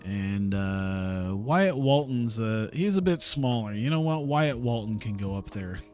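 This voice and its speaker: A man's voice: lowish voice, animated, measured pace, darkish tone, soft background music. A man casually talking through a wrestling management game on a live stream, thinking aloud, chuckling and swearing now and then. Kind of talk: casual gaming stream commentary.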